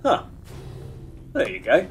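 Male streamer: chatty, giggly, rambling, very animated delivery. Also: fairly high pitch, slow pace, soft background music. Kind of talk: casual gameplay chat.

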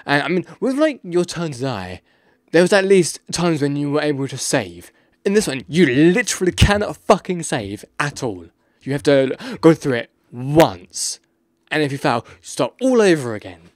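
A man's voice: fairly high pitch, sing-song, normal speed, no room sound, clean studio sound. A tired man doing casual let's play commentary, exasperated and rambling, swearing as he goes.

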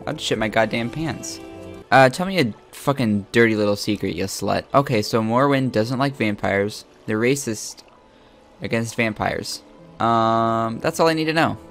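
A man giving crude, joking commentary while playing a video game, with loud excited outbursts. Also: mid-range voice, moderate pace, faint music behind. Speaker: gamer streaming his own play. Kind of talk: profane let's-play commentary.

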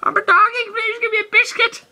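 A woman's voice: little pitch movement, fairly quick, pushed and bright, heavily acted. A woman doing a whiny begging puppy. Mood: pleading. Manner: high squeaky pleading. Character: begging little dog, whiny and pleading.

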